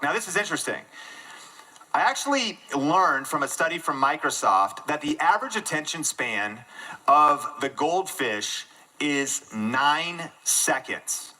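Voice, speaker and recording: A man giving an energetic live keynote talk to an audience in a room, joking at his own expense. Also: a little high, measured pace, low-quality recording. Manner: energetic and self-deprecating, jokes with the audience. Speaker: conference speaker.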